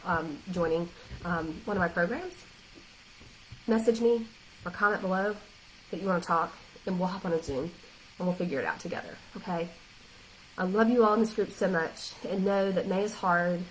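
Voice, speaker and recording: A woman's voice: fairly low pitch, moderate pace, a little hiss or hum, rough recording. A woman life coach giving a faith-based encouragement talk, earnest, direct and emotional.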